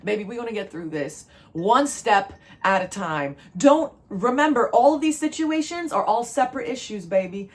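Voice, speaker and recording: A tarot reader from New Jersey, medium-pitched and animated, talks at a moderate pace with barely a pause. Her spiritual pep talk is emphatic and repetitive, she's emotional and nearly crying, and she keeps calling the listener "baby."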